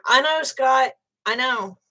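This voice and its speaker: Woman, older, higher voice, livestream chat, blunt, angry, swearing. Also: takes it slowly, bright, forceful tone. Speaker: livestream host. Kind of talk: casual livestream chat with viewers.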